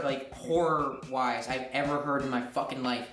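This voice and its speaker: A young man rambling profanely and excitably through a comedic retelling of game lore, sounding drunk. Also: medium pitch, normal speed. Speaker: host. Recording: echoey room, far from mic, faint music.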